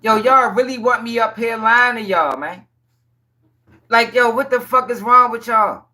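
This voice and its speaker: Speaking at a measured pace, a man hosting a livestream works through court documents while talking straight to his chat viewers. His voice is high, bright, sharp and forceful. He curses freely, uses exasperated, blunt slang, and hammers the same points repeatedly.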